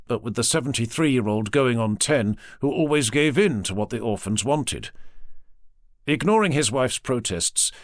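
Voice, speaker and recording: A man narrating an audiobook in a measured, expressive way from a studio booth. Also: mid-range voice, no room sound. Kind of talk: scripted narration.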